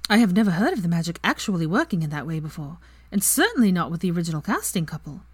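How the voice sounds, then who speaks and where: A woman's voice: fairly low pitch, sing-song, fast talker, slightly rough, dry recording. A woman voicing a dreamy, romantic young witch in a story reading. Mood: wistful.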